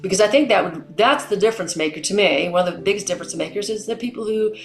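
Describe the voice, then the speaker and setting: A middle-aged woman hosting a podcast, telling stories in an animated way and acting out the dialogue. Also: mid-range voice, fast talker, roomy sound, faint music behind. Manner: animated storyteller, acts out dialogue. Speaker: podcast host. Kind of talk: conversational interview.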